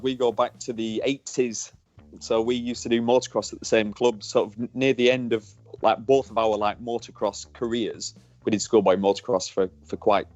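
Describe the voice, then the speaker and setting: Candid northern English podcast co-host. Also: male voice, medium pitch, no echo, lo-fi sound. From northern England. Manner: candid, jokey, swears freely. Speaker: podcast co-host, former motorbike racer. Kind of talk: casual podcast chat.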